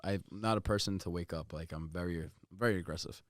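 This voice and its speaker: Very deep-voiced young man, blunt. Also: a little fast, no room sound, clean studio sound. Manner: blunt, profane and laid back. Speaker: podcast co-host. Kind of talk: casual chat.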